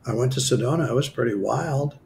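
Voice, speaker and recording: A man with a gravelly, fry-tinged voice sits as the guest in an interview and tells his story with animation. He acts out each line of dialogue and pokes fun at himself as he goes. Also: medium pitch, brisk, a little hiss or hum. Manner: animated, acts out quoted dialogue, self-mocking humor. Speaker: guest healer.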